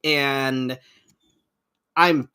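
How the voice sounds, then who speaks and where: Bright, mid-pitched male co-host; loose, chatty, profane, talks in restarts. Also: steady tone, very slow, clean tone. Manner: chatty, swears casually, frequent restarts. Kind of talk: casual chat.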